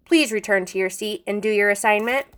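A woman's voice: mid-range voice, a little fast, lightly acted. A woman voicing a smug male middle-school teacher who mocks a student in a theatrical, teasing way. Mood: mocking.

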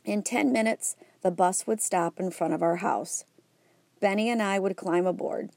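A woman narrating an audiobook in a wry, even storytelling way. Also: medium pitch, normal speed, gravelly, dry recording.

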